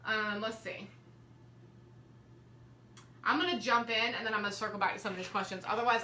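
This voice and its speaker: A woman's voice: mid-range voice, sharp tone, slight background noise. A young woman, chatting through a live quilting demo and talking straight to her viewers. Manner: chatty, friendly, addresses viewers directly. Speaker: quilting teacher. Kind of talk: live-streamed quilting demonstration. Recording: echoey room.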